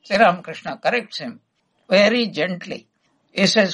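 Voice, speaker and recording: Gravelly husky man giving a spiritual talk. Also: high-pitched, expressive, moderate pace, a bit bright, rough recording. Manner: emphatic, asks many rhetorical questions. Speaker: spiritual teacher. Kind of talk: spiritual discourse.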